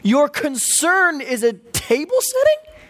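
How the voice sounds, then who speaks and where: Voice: sits high, huge pitch swings, slow, a bit bright, pitched above the performer's own voice, exaggerated voice. Sarcastic fed-up jesus, preacher doing the voice, incredulous and joking, sermon story. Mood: exasperated. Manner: incredulous, wry, comic. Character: exasperated, sarcastic adult male Jesus in a retelling. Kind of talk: sermon retelling with acted quotes.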